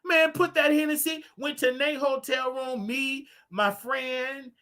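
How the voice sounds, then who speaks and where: A man hosting his own livestream show, talking casually in a preachy, animated way with laughing asides. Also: very high-pitched, a little slow, soft background music.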